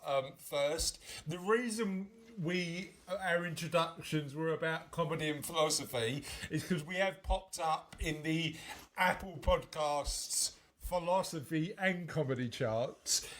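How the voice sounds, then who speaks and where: A man co-hosting a podcast in casual chat, rambling and teasing with many restarts. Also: on the high side. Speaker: podcast co-host.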